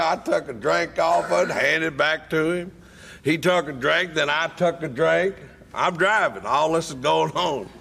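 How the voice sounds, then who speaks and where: A man telling a wry, deadpan story from his own life at a recovery meeting. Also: on the high side, vocal fry, a little hiss or hum. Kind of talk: humorous personal storytelling.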